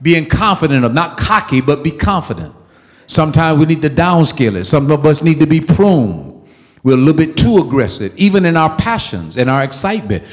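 Casting: male pastor, high tenor, emphatic call-and-response sermon, long church-hall echo. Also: very animated, a little fast. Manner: emphatic, call-and-response preaching with sudden loud peaks.

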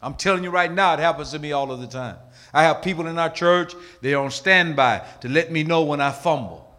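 A middle-aged male pastor preaching a sermon, emphatic, swinging from loud calls to hushed asides. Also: on the high side, fairly quick.

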